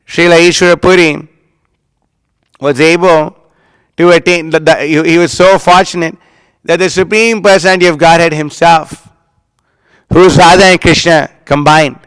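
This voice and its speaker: A man's voice: fairly high pitch, fairly bright tone, smooth, no room sound, poor audio. A man giving a devotional class, chanting Sanskrit verses and telling stories with emphatic acted-out quotes. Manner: chants Sanskrit verses, then explains with storytelling; emphatic, acts out quoted lines. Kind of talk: religious class talk.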